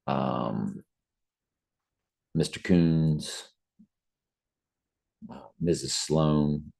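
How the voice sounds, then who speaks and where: Middle-aged man, very deep gravelly voice, slow earnest preachy talk. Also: mellow. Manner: earnest, preachy, with fillers and restarts. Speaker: Bible study channel host. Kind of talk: casual spoken reflection.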